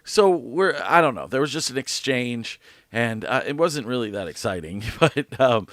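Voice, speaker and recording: Animated, swearing male podcast co-host. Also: mid-range voice, moderate pace, dry recording, clean studio sound. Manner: animated storytelling, swearing, acts out quotes. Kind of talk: casual chat.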